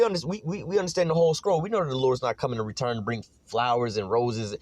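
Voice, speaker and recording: A man delivers a fervent, slang-heavy street sermon at a quick clip, dropping curses as he goes. His voice sits dry and close, with no room around it. He keeps checking in with "you know what I'm saying" and rises into loud, high-pitched shouting when he gets fired up. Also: no room sound. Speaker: preacher.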